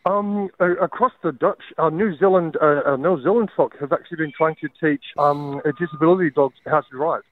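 A man's voice: on the high side, a little fast, few pauses, narrow, tinny audio. A man calling in to a radio show, hesitant with many fillers. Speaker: caller.

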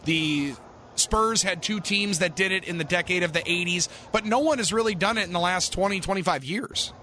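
Bright-voiced upbeat sports radio host. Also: male voice, high-pitched, moderate pace. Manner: smooth, upbeat broadcaster delivery. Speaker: postgame radio show host. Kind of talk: sports radio postgame chat.

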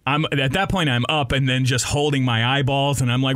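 A man's voice: medium pitch, a little fast, hardly any pauses, no room sound, clean studio sound. A young man, a radio host, telling a story on a casual podcast, laughing often and acting out the people in it. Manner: laughing often, animated retelling with voices.

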